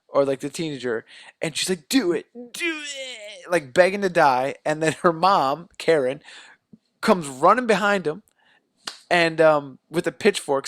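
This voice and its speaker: Animated man recapping a movie, dry close sound. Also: on the high side, no room sound. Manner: animated retelling, acts out characters' lines. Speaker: podcast co-host.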